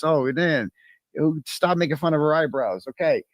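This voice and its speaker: A man's voice: a little high, lively intonation, normal speed, no echo. A man hosting a live stream, talking in a crude, profane and mocking way, rambling with many restarts. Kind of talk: casual live-stream commentary.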